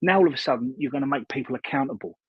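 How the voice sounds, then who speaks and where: A man's voice: medium pitch, racing, slightly rough, no room sound. A man co-hosting a podcast, laying out his argument point by point in casual chat. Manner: earnest, lays out arguments point by point. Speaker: podcast co-host. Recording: dull, lo-fi remote mic.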